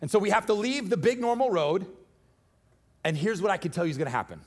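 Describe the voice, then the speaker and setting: A man preaching a sermon in a church, casual and joking, with animated bursts of energy. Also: sits high, quick pace, slightly rough. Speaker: pastor.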